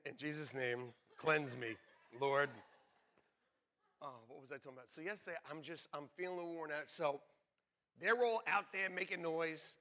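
A middle-aged man preaching a sermon, telling jokey stories with laughs along the way. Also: fairly high pitch. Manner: joking, animated storytelling with laughs. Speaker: pastor. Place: church sanctuary.

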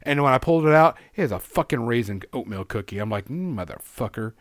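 A man's voice: mid-range voice, expressive, fast talker, no room sound, clean studio sound. A man co-hosting a podcast, complaining in a casual, profane rant. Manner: ranting, profane, exasperated complaining. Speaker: podcast co-host. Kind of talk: casual chat.

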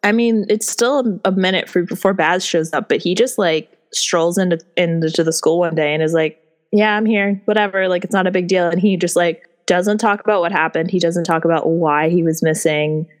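Young female co-host, low-ish voice, excitable, casual, profane book chat. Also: normal speed, few pauses. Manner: animated, swears freely, many fillers. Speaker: podcast co-host.

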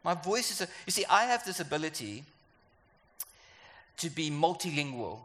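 An animated, playful South African preacher acting out voices in his sermon. His voice is bright and fairly high. It carries a long hall reverb. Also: normal speed. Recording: echoey hall.

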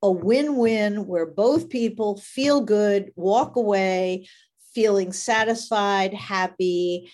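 A woman speaks slowly and deliberately in a podcast conversation, stressing her points emphatically. She strings examples together, pausing on fillers as she goes. Her pitch sits in the middle of the usual range for a woman. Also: darkish tone. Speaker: podcast co-host.

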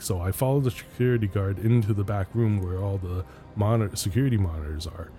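A man hosting a podcast, casually telling a spooky personal story with pauses, restarts and little laughs. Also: fairly low pitch, dark tone, soft background music. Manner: rambling, hesitant, laughs between lines.

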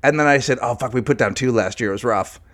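A man's voice: medium pitch, fast talker, slight background noise. A man co-hosting a casual comedy chat, telling a story with lots of swearing and laughter. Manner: profane, animated storytelling with frequent laughs. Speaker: podcast co-host.

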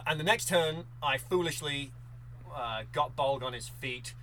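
A man co-hosting a podcast, telling a tabletop game story in a lively, animated way. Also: a little high, a little slow, slight background noise, poor audio. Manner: animated storyteller, acts out dice moments. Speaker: podcast co-host. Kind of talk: casual chat recapping a tabletop game.

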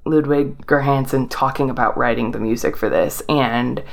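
Brief: young woman, podcast host, low voice, eager casual talker who laughs a lot. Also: steady tone, normal speed, creaky. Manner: enthusiastic, laughs often, many fillers. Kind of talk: casual chat.

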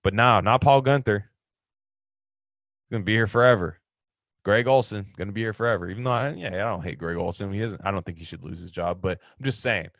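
A man hosting a casual sports talk, answering fan questions in an animated, ranting way that swings from loud outbursts to low mutters. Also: a little fast, gravelly, dry recording.

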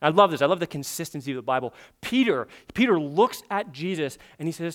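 Male pastor, high-pitched voice, emphatic sermon delivery with loud urgent swells and quiet intimate stretches, rhetorical questions. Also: lively intonation, a little fast, few pauses. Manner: emphatic, swings between loud urgent passages and hushed intimate ones; conversational asides and rhetorical questions.

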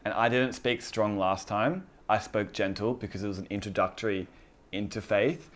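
A man with a fairly low voice gives an informal sermon to a small group. He talks earnestly and conversationally, restarting phrases and repeating key words as he goes. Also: steady tone, moderate pace. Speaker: pastor.

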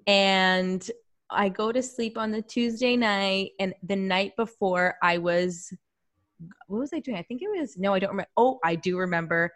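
A woman in her thirties telling a personal story in casual chat, animated and self-deprecating, laughing often. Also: mid-range voice, moderate pace, no echo.

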